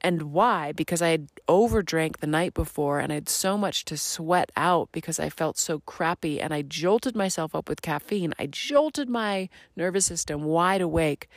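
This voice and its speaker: A woman hosting her own podcast, talking in a slow, earnest, reflective monologue that drifts into soft half-whispers. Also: deep voice, dry recording, clean studio sound. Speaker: podcast host.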